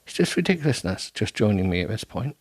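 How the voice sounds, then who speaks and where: A man's voice: lowish voice, very animated, quick pace, husky, no room sound. A man hosting a solo podcast, rambling in a self-deprecating way with many ums and restarts, sounding tired. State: tired, yawning. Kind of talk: rambling casual monologue.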